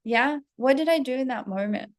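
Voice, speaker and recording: A woman's voice: sits high, normal speed. A woman in her thirties, a self-development coach, telling a personal story to her followers in a candid, casual way, with plenty of swearing and acted-out self-talk.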